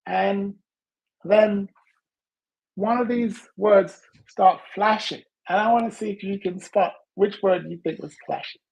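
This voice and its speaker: A man's voice: sits high, a little slow, gravelly, darkish tone, low-quality recording. A man hosting a motivational podcast who tells stories animatedly and acts out the dialogue in them. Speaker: podcast host. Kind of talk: motivational storytelling talk.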